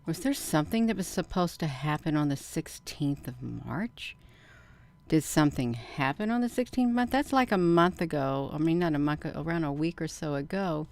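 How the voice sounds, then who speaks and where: A middle-aged woman hosting a video, chatting casually to viewers, counting out loud and getting excited. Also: low voice, normal speed. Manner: counts aloud, talks straight to viewers. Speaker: video host. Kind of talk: casual screen-share commentary.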